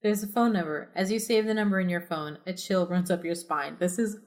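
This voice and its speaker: On a podcast, a woman reads a choose-your-own-adventure story aloud in a lowish, darkish voice at a slightly fast clip. She keeps breaking off for sarcastic, joking asides, giggling as she goes.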